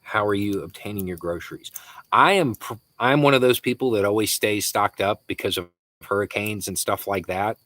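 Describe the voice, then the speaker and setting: A man's voice: on the low side, moderate pace, a bit bright, no echo. A man from Florida with a Southern accent hosting a casual live Q&A, answering viewer messages with frequent chuckles and hesitant restarts. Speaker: livestream host.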